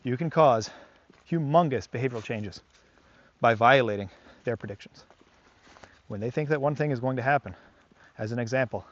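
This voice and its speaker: A man's voice: mid-range voice, moderate pace, long pauses, dull audio. A male dog trainer explaining his methods outdoors on a walk, earnest and emphatic, repeating his key phrases. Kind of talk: explaining on camera while walking a dog. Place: outdoors on a park trail.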